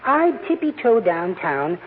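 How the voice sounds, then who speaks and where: An actor playing a timid, henpecked little man with a soft, hesitant voice in a 1940s radio comedy. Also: high-pitched, big pitch swings, measured pace, slight background noise. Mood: mild. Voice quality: soft, mousy, hesitant delivery. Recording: tinny lo-fi 1940s radio broadcast, faint audience.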